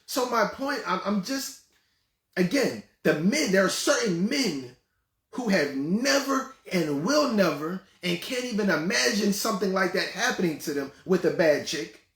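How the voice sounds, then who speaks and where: A male host with a high-set, very lively voice rambles through casual commentary, full of fillers and repeats. The sound bounces around an echoey room. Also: measured pace. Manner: animated, conversational storytelling with many repeats and fillers. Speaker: show host.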